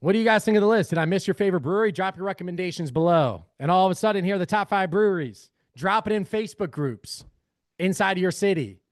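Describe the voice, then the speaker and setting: A man's voice: sits high, fast talker, no room sound, studio quality. A man leading a live screen-share workshop, talking energetically and calling his audience family. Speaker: real estate AI trainer.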